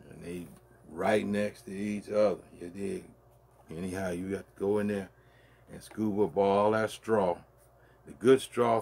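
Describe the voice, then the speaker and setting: A man telling a long, casual story as a show host, with a loose, drawn-out delivery full of restarts and asides to the listener. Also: deep voice, a little mellow, breathy edge. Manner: loose and conversational, peppered with "man" and "you dig".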